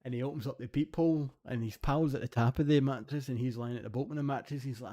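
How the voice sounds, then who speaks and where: Fast-talking Scottish man telling stories. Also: medium pitch. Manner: animated storytelling, heavy swearing. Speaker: podcast co-host. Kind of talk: casual chat.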